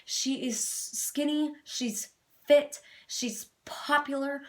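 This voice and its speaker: A woman's voice: high voice, fairly even intonation, slow pace. A young woman talking to camera in an earnest, rambling personal vlog, laughing at herself and at times tearful. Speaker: vlogger.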